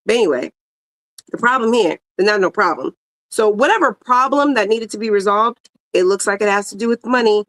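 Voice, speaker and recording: A woman doing a tarot reading, talking casually and directly to her audience in slangy speech. Her pitch sits in a middling range for a woman. The sound is dry and close. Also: brisk, a bit bright, no echo. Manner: slangy, talks to viewers directly with many fillers. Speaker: tarot reader.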